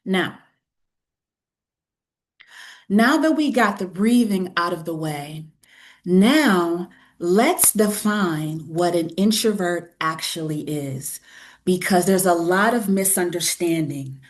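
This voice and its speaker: A woman hosting a webinar over a video call, speaking in a calm, enthusiastic teacher voice and often repeating herself. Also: on the low side. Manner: slow, calm, repeats phrases. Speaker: webinar host. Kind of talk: guided breathing and lecture.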